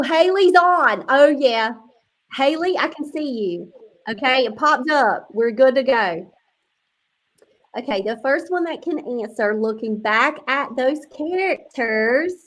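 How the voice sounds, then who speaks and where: A woman's voice: high-pitched, rough recording. A woman hosting an online book launch on a video call, chatty and emotional, close to tears.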